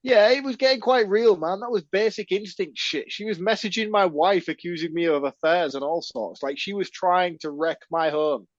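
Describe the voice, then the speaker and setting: A man's voice: on the high side, moderate pace, hardly any pauses, no room sound. Southern English male co-host, teasing and dry; dull, dead-dry recording. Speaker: podcast co-host. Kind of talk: casual film review chat. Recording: dull dry mic sound.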